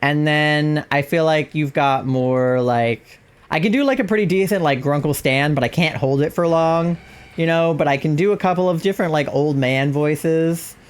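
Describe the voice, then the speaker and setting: A woman's voice: sits low, normal speed, smooth. A woman streamer chatting casually while gaming, rambling with lots of fillers and frequent laughter.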